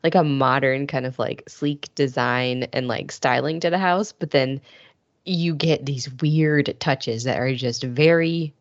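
A woman's voice: a bass voice, no echo, highs cut off. A woman co-hosting a podcast, chatting casually and laughing often. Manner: laughs often, slow and drawling. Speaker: podcast co-host. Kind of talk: casual chat.

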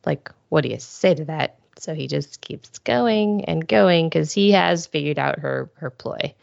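A woman's voice: sits low, animated, a little slow, vocal fry, no echo, highs cut off. A woman co-hosting a podcast, talking casually in a drily understated way. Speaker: podcast co-host. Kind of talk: casual chat.

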